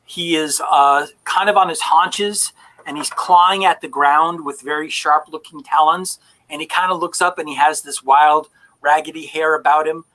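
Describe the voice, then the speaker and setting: Male game master, bright tone, slightly raised pitch, chatty descriptive narration. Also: steady tone, moderate pace, slight background noise, rough recording. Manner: descriptive, with many fillers.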